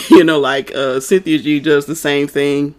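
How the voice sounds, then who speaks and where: A woman's voice: low-pitched, steady tone, a little slow, darkish tone. A woman talking casually about a movie she saw. She rambles with lots of fillers and swears bluntly. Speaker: movie reviewer. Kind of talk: casual rant.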